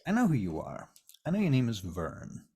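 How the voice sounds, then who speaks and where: A man voicing a calm, formal vampire gentleman who speaks in a measured, commanding way. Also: medium pitch, gravelly, husky, heavily acted. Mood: stern. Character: calm, formal male vampire musician Garwood.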